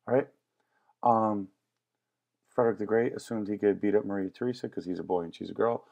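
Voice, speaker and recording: A man's voice: on the low side, steady tone, a little fast, vocal fry, long pauses, darkish tone. A man teaching a history lesson in a casual, joking lecture style. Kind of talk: classroom lecture.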